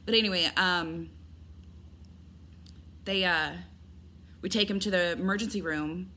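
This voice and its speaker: A woman's voice: fairly low pitch, a little slow, pushed and bright. A woman vlogging from home in a casual chatty way, rambling with lots of fillers and restarts. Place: indoors at home.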